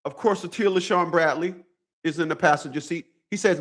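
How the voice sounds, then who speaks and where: A man's voice: sits high, lively intonation, moderate pace, fairly bright tone. A man talking straight to his viewers in a casual monologue, profane and repetitive, with a preachy storytelling manner. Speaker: vlogger.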